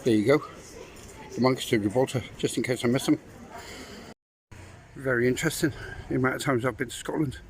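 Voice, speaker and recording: This middle-aged travel vlogger speaks at a medium pitch and a fairly quick pace, broken by long pauses. He gives viewers a casual walking tour through town streets and a park, dropping chatty, wry asides along the way.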